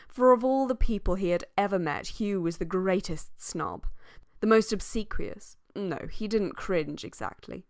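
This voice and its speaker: A woman reading a novel aloud as an audiobook, with expressive rises in pitch for emphasis. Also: dry recording, clean studio sound. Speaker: audiobook reader. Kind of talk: scripted audiobook narration.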